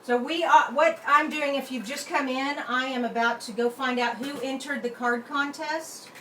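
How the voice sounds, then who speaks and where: A woman's voice: high voice, fairly even intonation, moderate pace, fairly bright tone. Chatty woman in an echoey room. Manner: chatty, talks to herself while working the computer. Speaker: card-making channel host. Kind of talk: casual live stream chat. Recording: echoey room with faint background noise.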